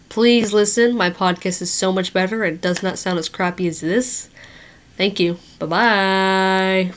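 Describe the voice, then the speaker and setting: A woman podcaster chatting casually on camera, a little hoarse from losing her voice, nervous and restarting her sentences. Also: on the low side. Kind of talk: casual video review and rambling sign-off.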